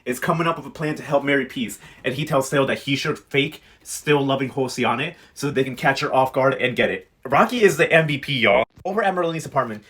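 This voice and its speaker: A man with a slightly husky voice talks quickly through a soap-opera recap. He is gossipy and animated, and he throws in quick impressions of the characters' lines. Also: mid-range voice. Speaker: host recapping a TV novela. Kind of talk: casual chat.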